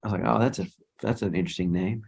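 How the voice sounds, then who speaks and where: A man's voice: lowish voice, fairly even intonation, racing, vocal fry, a little mellow. A middle-aged man, a guest worship leader, telling stories in a casual interview in a rambling way, with many restarts and quoted dialogue.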